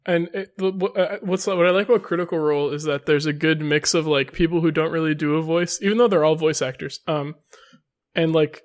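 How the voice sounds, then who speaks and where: A young man with a fairly high voice chats casually on a podcast. He is hesitant and pads nearly every phrase with "like". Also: steady tone, brisk. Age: young adult. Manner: hesitant, heavy use of "like". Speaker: podcast co-host. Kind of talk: casual chat.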